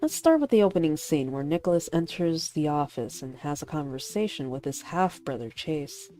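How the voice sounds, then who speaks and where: A woman reading a brisk film director. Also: deep voice, animated, mellow, soft background music.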